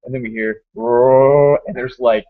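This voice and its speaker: Fast-talking man telling a rambling story. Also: mid-range voice. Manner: animated, rambling storyteller full of fillers and acted quotes. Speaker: podcast host. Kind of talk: casual storytelling chat. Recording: dull lo-fi podcast audio.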